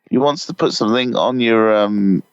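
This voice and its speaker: A man's voice: on the low side, fairly quick, creaky. A man on a podcast panel chatting casually and offhand, heard over dull lo-fi call audio.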